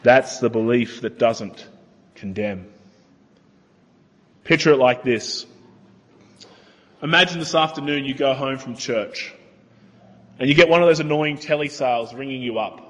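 A man preaching a sermon in a church, earnest and emphatic, slowing down to stress his key points. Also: mid-range voice, a bit bright, long reverb tail.

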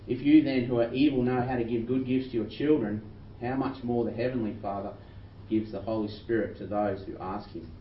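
A man's voice: mid-range voice, steady tone. Male pastor, earnest sermon delivery, miked from afar in a roomy church. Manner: earnest, reads scripture slowly with rising emphasis. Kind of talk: sermon with scripture reading. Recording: roomy distant dull recording with faint noise.

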